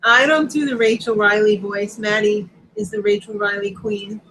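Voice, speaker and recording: A middle-aged woman from Long Island hosting a casual live-stream chat, talking in quick asides and reading viewer comments aloud. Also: mid-range voice, steady tone, fairly bright tone, slight background noise, low-quality recording. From Long Island, New York. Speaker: host.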